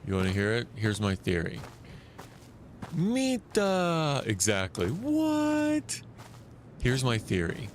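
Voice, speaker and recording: A man streaming a survival shooter live, talking loosely and excitedly as he plays, often restarting his sentences. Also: lowish voice, brisk, hardly any pauses, slight background noise. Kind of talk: live gameplay commentary.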